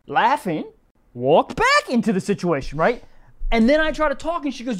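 Animated, profane male podcast storyteller. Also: very high voice, normal speed. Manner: animated, profane, acts out quoted voices. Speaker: podcast co-host. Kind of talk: casual storytelling chat.

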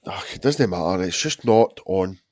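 A man's voice: low voice, expressive, moderate pace, darkish tone, no echo, studio quality. A man in his thirties co-hosting a podcast, with sweary, laughing, loosely phrased banter. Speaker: podcast co-host. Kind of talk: casual chat.

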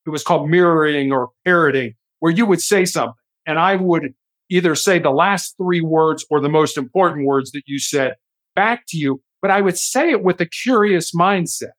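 An earnest man speaks in a fairly high voice, explaining his points at length. He talks in an easy conversational way and now and then acts out the lines of the people he quotes. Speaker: guest author and speaker. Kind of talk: conversational interview storytelling.

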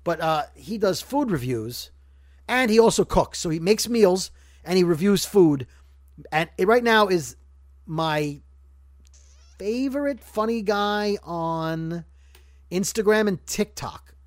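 A man's voice: high voice, lively intonation, slow pace, long pauses, no room sound, clean studio sound. A man from Brooklyn hosting a podcast in casual chat, rambling and joking as he corrects himself. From Brooklyn, New York. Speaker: podcast host.

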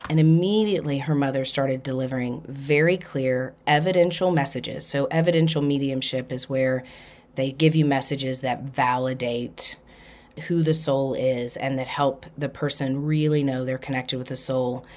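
A woman hosting a podcast, telling a personal story in an animated way and acting out the people in it. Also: very deep voice, normal speed. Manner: animated, acts out quoted voices. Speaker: podcast host. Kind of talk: storytelling monologue.

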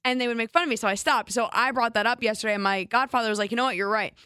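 A woman's voice: a little high, sharp tone, clear, resonant tone, no echo, clean studio sound. A woman from New Jersey with a light New Jersey accent, co-hosting a casual chat and teasing her partner. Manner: teasing, jokey, quick interjections.

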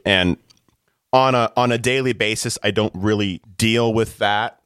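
A man's voice: on the low side, measured pace, fairly bright tone, clean tone, dry recording, clean studio sound. A young man hosting a podcast in casual chat, rambling with lots of filler words. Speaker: podcast host.

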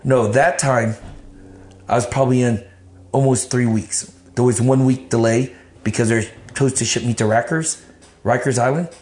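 A man telling his life story in an interview, blunt and animated, swearing freely. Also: mid-range voice, moderate pace. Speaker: interview guest. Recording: roomy echo.

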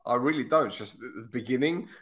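A man co-hosting a casual football podcast over a remote call, easily amused and quick to break into big laughs. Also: medium pitch, fairly bright tone. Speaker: podcast co-host.

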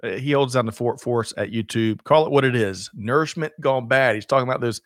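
A man's voice: medium pitch, fairly quick, fairly bright tone, dry recording, studio quality. A man co-hosting a livestreamed show in casual chat, upbeat and chatty, with frequent laughs and fillers. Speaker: co-host of a livestreamed supply chain show.

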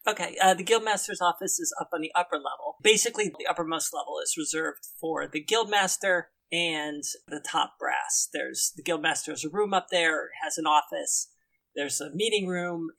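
A man narrating a tabletop role-playing game as game master, in a relaxed, descriptive way. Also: fairly high pitch, normal speed, creaky.

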